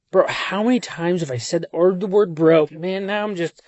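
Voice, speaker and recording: A man's voice: high voice, measured pace, a little mellow, dry recording. Dazed young man rambling in a dry car. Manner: rambling, profane, drifting off topic. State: dazed and worn out. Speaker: brother leaving voice messages. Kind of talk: rambling voice message. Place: inside a car on a country road at night. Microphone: phone.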